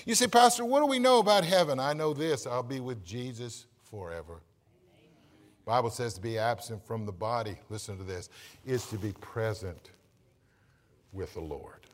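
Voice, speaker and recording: A man preaching a sermon as pastor, swinging from quiet asides up to loud shouted emphasis and asking the congregation to answer back. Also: fairly low pitch, lively intonation, moderate pace. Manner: calls for congregation response. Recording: long reverb of a church hall.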